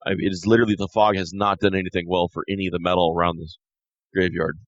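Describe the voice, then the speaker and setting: A man runs a tabletop game with a low voice, taking his time over each description and stopping now and then to correct himself. The recording is dry and dull, with muffled highs. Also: level tone, no echo. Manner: slow descriptive narration with self-corrections. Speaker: game master.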